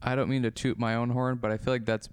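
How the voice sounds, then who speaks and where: A man's voice: mid-range voice, little pitch movement, fast talker, slight background noise. A young adult man co-hosting a podcast in casual chat, rambling and questioning himself as he acts out little quotes. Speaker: podcast co-host.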